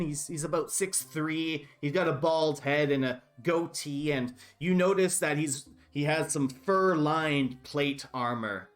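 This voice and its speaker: A man running a tabletop game as game master, describing scenes with many fillers. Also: a little high. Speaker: dungeon master.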